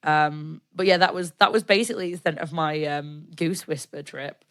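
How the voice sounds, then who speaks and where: A woman's voice: low voice, moderate pace, clear, resonant tone. A British woman co-hosting a podcast, chatting casually and recounting a live-action role-play event with lots of laughter and acted-out quotes. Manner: animated storyteller, laughs often, acts out quotes. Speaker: podcast co-host.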